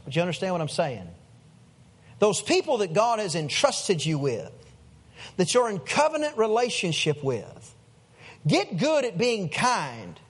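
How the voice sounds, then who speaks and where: A man's voice: high-pitched, breathy edge. A man, a pastor in his thirties preaching a sermon in a folksy storytelling way. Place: church sanctuary.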